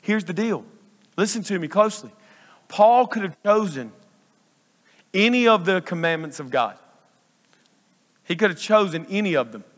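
A man's voice: high-pitched, lively intonation, moderate pace, long pauses. A male pastor preaching a sermon in a church sanctuary, emphatic and repeating phrases for stress. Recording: long reverb of a large church hall.

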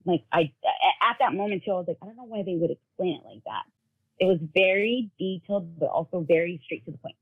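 A woman's voice: on the low side, expressive, quick pace, creaky, breathy edge. A woman telling an emotional story about her son in casual chat, acting out the voices of the people in it. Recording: phone-like narrow sound.

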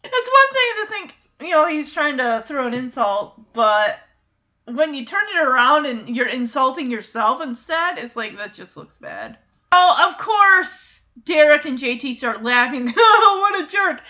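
A woman's voice: sits high, sing-song, a little slow, sharp tone, lo-fi sound. A woman casually recapping a TV episode, animatedly acting out the characters' lines between laughs.

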